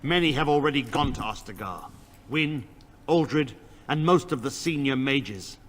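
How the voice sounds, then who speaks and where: An actor playing a stern, defensive religious knight commander in a video game, speaking curtly and stiffly. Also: male voice, medium pitch, expressive, measured pace, big-room sound, slight background noise, natural voice. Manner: curt, stiff, indignant.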